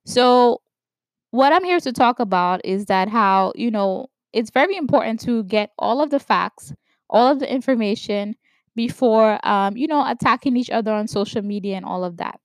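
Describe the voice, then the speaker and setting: A woman from New York giving opinion commentary, stressing words slowly and checking in with "right?". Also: a little high, dry recording. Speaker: vlogger commenting on news.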